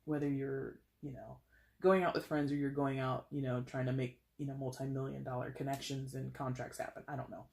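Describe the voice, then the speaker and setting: A tarot reader gives a casual reading in a very deep, creaky, slightly mellow voice with flat delivery. She rambles chattily, peppering her talk with "you know" and "like," plus playful asides and quick laughs.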